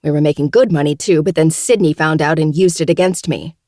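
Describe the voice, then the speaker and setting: A woman's voice: sits low, fairly quick, a little mellow, no room sound, clean studio sound, close to an everyday voice. A woman voicing a venomous, cornered young woman who seethes, screeches and pleads. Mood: seething.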